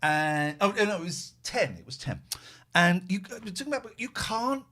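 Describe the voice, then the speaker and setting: A man hosting a podcast, telling a long story with a lively voice that swoops up and down. He acts out the people he quotes and keeps restarting and correcting himself along the way. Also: high-pitched, moderate pace. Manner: animated, acts out quoted dialogue in other voices; rambling with restarts and self-corrections. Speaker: podcast host. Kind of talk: casual storytelling chat.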